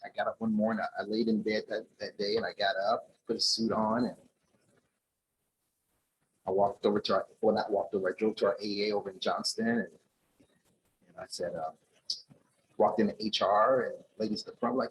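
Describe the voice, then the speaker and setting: A man's voice: on the low side, fairly quick, long pauses, slight background noise, low-quality recording. A man at a conference telling an audience a personal story, acting out the dialogue in a raised voice. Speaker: conference speaker. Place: conference ballroom.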